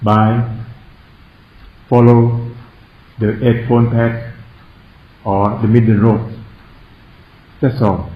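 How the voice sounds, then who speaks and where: A man who speaks Thai natively, a Buddhist monk giving a Dharma talk in non-native English, slowly questioning his listeners and repeating key phrases. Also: mid-range voice, little pitch movement, lo-fi sound. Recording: echoey room.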